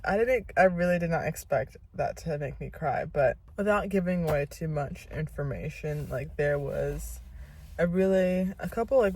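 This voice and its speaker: A woman's voice: deep voice, darkish tone, low-quality recording. A young woman chatting casually in a reading vlog, rambling and full of filler words. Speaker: book vlogger.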